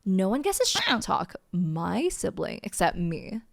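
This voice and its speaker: Giggly woman streamer, very lively voice. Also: medium pitch, a little slow, gravelly, no room sound, clean studio sound. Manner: chatty, giggly, trails off and restarts. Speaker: VTuber streamer reacting to memes. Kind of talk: casual reaction chat.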